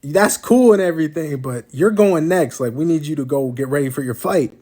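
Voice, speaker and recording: A man's voice: fairly high pitch, mellow, lightly acted. A man doing a flustered valkyrie woman. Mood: fussing. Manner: hurried, casual slang. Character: flustered female valkyrie minder.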